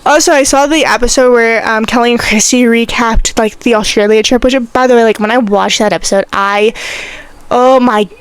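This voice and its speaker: A woman's voice: a little high, a little fast, hardly any pauses, clean tone. A young woman hosting her own podcast, chatting casually and getting worked up, with plenty of "like" and "I'm sorry". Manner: animated and indignant, lots of "like" and "I'm sorry". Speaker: podcast host. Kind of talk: casual solo podcast chat.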